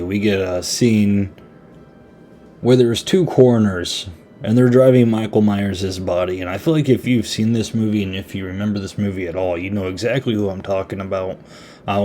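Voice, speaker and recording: A man's voice: on the low side, mellow, slight background noise. A man hosting a podcast, giving a casual, rambling horror movie review in a laid-back, chatty way. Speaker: podcast host.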